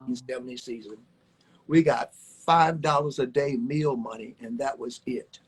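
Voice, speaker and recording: Older husky-voiced man telling stories. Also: mid-range voice, fairly even intonation, normal speed, rough recording. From Alabama, USA. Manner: folksy, rambling, repeats words, chuckles. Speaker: former baseball player, guest. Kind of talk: storytelling interview chat. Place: home, on a livestream. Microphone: phone on a live video stream.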